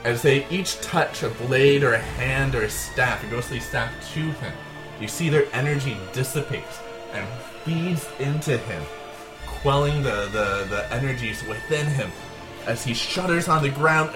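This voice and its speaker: A man's voice: medium pitch, a little slow, music in the background. A man narrating a tabletop game as game master, in vivid, gory detail.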